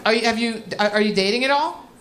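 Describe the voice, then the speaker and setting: A woman's voice: fairly high pitch, quick pace, distant mic, slight background noise. A young woman comedian doing crowd work on a club stage, brash, teasing and blunt. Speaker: stand-up comedian. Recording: roomy club from afar, loud crowd laughter.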